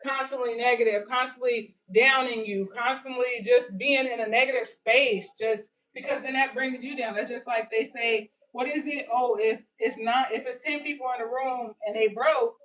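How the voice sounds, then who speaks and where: A woman from California co-hosting a casual livestream, lively and quick to chime in and laugh. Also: a little high, recorded from a distance, rough recording. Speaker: livestream co-host.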